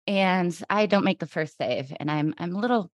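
A woman in her forties hosting a podcast, telling a lively story in casual chat and acting out her own past thoughts. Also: fairly low pitch, moderate pace, no echo. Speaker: podcast host.

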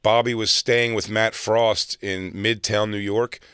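A man from South Jersey telling a long, animated comedy anecdote and acting out other people's lines. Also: fairly low pitch, measured pace, clean tone, dry recording, clean studio sound. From South Jersey, near Philadelphia. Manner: animated anecdote teller, acts out quotes. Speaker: comedian guest. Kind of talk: casual storytelling chat.

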